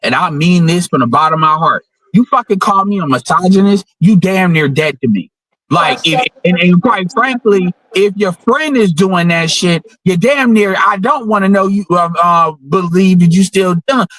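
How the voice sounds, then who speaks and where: A man's voice: high-pitched, animated, normal speed, fairly bright tone, no room sound, poor audio. A man hosting a casual chat, laying out his opinions in a blunt, profane way. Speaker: host.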